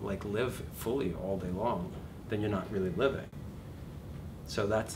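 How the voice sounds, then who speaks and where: A middle-aged man teaching an acting class in a lively, profane manner, acting out shouted examples. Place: classroom or studio. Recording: distant room recording with background rumble.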